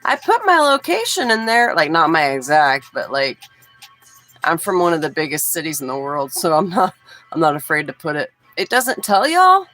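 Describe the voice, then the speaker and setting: A woman's voice: sits low, normal speed, faint music behind, low-quality recording. A woman in her forties from Texas, chatting casually with viewers on her livestream. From Houston, Texas. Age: 40s. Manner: relaxed, chatty, talks straight to chat. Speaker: livestream host.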